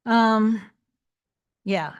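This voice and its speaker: A woman on a casual livestream, reading and answering chat. She talks in a rambling, chatty way, restarts a lot and turns soft and reassuring when she gives advice. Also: fairly high pitch, very slow, clean tone, muffled recording. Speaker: manifestation coach answering live chat.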